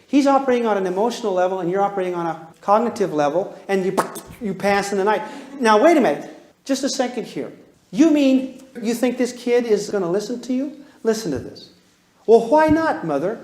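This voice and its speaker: Before a live audience, a man delivers a brisk parenting lecture, joking and animated as he acts out little dialogues with big swings in pitch and volume. The recording carries a roomy hall echo.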